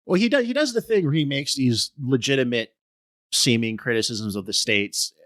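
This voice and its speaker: A man co-hosting a film podcast in casual discussion, talking haltingly with many restarts and fillers. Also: mid-range voice, animated, a bit bright, dry recording, clean studio sound. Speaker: podcast co-host.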